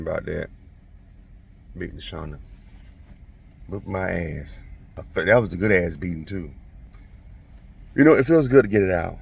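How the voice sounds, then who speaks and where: A man casually telling a childhood story to his viewers, animated, profane and self-mocking. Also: low voice, gravelly, breathy edge, distant mic.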